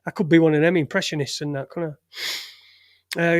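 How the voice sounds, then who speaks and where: A man's voice: a little high, steady tone, normal speed. A man hosting a live online show in rambling, jokey banter, swearing freely. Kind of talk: casual live-stream chat.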